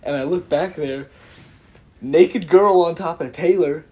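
A young man co-hosting a podcast, telling a story in a casual, animated way with lots of swearing and laughter. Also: fairly high pitch, a little slow. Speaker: podcast co-host.

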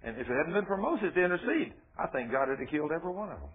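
A man's voice: fairly high pitch, sing-song, racing. A man preaching a sermon in a folksy, emphatic way, full of rhetorical questions. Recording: tinny phone-like radio broadcast.

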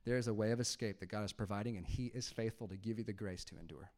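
A man in his thirties preaching a sermon in a conversational, animated way, dropping to a hush and then rising loud. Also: fairly low pitch, fast talker. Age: 30s. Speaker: pastor.

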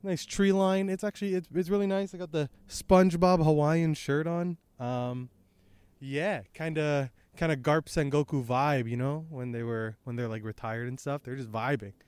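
A man's voice: a little high, steady tone, moderate pace, a little mellow, clean tone, dry recording. A young man hosting a podcast, recapping a comic chapter in a rambling, laid-back way with lots of fillers, recorded outdoors by a creek on a microphone exposed to wind. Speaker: podcast host. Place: outdoors by a creek and tree line. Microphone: handheld microphone exposed to wind.

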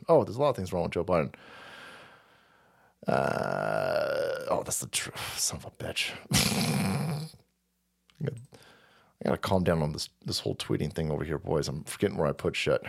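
A man's voice: lowish voice, gravelly. A man hosting a stream with a crude, profane political rant, mocking and laughing at his own jokes and muttering asides. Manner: rambling, trails off and mutters asides. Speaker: streamer host.

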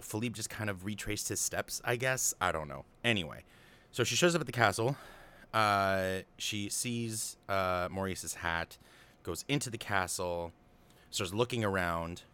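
A man's voice: low voice, bright, forceful tone, smooth. A young man casually recapping and analyzing a film, rambling with lots of fillers and offhand paraphrases of the characters. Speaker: film commentator.

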